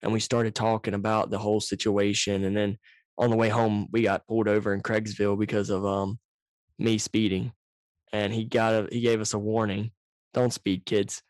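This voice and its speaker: A lowish-voiced man spins a casual, profane story, rambling and correcting himself along the way. He sits right up on the microphone, so the sound is loud and completely dry. It comes across as a home podcast recorded over a video call. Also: level tone, normal speed, no room sound. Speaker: podcast host. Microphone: very close to the microphone, loud.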